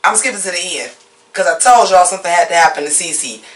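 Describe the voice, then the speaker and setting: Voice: mid-range voice, fast talker, roomy sound, distant mic. A host giving a casual episode recap and review, blunt, profane and openly opinionated, mocking the scenes they dislike. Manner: animated, mocking.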